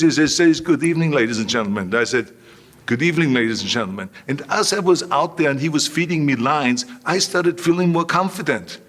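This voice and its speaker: A man's voice: a little high, fairly bright tone. A man telling stories emphatically in an interview, repeating phrases. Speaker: guest. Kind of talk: storytelling interview.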